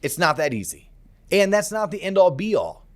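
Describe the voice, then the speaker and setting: A man's voice: high-pitched, big pitch swings, moderate pace. A man hosting a casual podcast, talking emphatically and acting out conversations he quotes. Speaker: podcast host.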